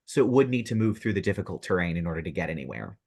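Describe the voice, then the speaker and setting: Lively male game master narrating. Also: low-pitched, racing, breathy edge. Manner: lively descriptive narration, laughs often.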